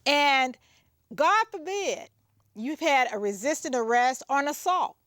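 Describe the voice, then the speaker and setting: A woman lawyer, a guest on a talk show, explaining a point in an earnest, deliberate way. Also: sits high, expressive, fairly bright tone, dry recording, studio quality.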